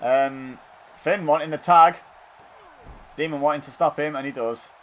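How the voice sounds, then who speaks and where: A man giving casual play-by-play commentary over a wrestling video game, bursting into loud exclamations and then dropping into dry asides. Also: fairly high pitch, unhurried, slight background noise.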